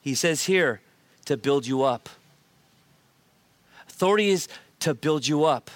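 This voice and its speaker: A male pastor preaching a sermon, lively and emphatic, often repeating his key points. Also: a little high, a little slow, no room sound. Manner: animated preaching with shifts of emphasis and repetition.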